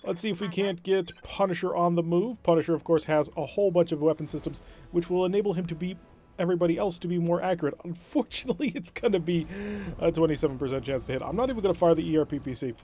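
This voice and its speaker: A man talks through a strategy game session, explaining his tactics and thinking aloud. His voice sits somewhat high for a man. He speaks in a casual commentary style. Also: fast talker, warm tone. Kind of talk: let's-play commentary.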